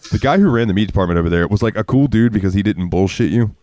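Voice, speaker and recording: Man, very low voice, dry close mic; rambling, profane podcast storyteller who laughs often. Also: normal speed, dry recording. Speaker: podcast co-host. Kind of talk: casual storytelling chat.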